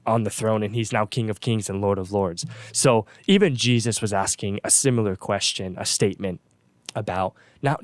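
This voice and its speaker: A pastor and co-host with a fairly low voice, recorded with no echo, talks through a Bible story. His casual, earnest faith talk sounds like a sermon retelling, with frequent restarts and repeated words.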